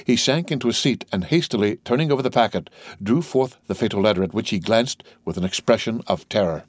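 A man's voice: fairly low pitch, quick pace, dry recording. Man reading a novel aloud. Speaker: audiobook narrator. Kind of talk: scripted narration.

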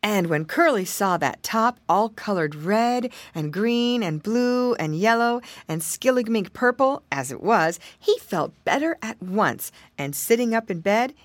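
A woman narrating a children's storybook in a playful, expressive manner. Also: mid-range voice, no echo. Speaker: audiobook reader.

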